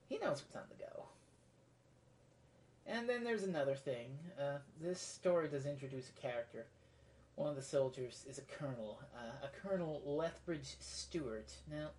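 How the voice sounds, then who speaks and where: A woman with an unusually deep voice talks through a casual solo review. She rambles, wanders onto tangents, and keeps an offhand, chatty tone. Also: mellow. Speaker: video reviewer.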